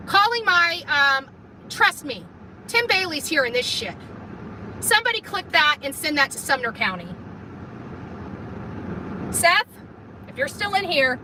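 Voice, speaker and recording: Woman, very high voice, taunting, profane, repetitive, noisy street behind. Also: sharp tone, recorded from a distance. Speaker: self-filming confronter. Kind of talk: heated phone-filmed confrontation.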